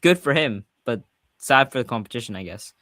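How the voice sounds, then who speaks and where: A man's voice: medium pitch, expressive, fairly quick, pushed and bright, no echo. A man with a Swedish accent hosting a casual livestream chat, talking freely and often correcting himself mid-sentence. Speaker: podcast host.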